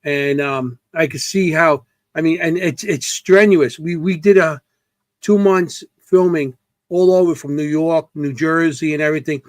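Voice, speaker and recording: A man chats about his work on film sets, stopping and restarting often and filling gaps with ums. His voice sits a little high for a man, and the recording is dry and close. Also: no echo. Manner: halting, lots of ums and restarts. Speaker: co-host. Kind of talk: casual conversation.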